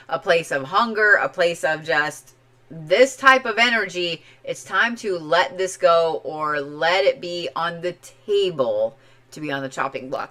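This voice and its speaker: A woman from Oklahoma with a slight Oklahoma accent, giving a chatty, playful zodiac reading on a live stream, swinging between loud and soft. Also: lowish voice. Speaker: tarot and zodiac reader. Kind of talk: casual livestream reading.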